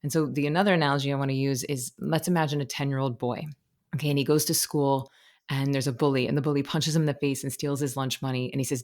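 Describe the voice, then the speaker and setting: A woman's voice: a bass voice, fairly even intonation, fast talker, darkish tone. A woman speaking as a podcast guest and meditation teacher, explaining ideas expressively through analogies and stories. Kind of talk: conversational interview.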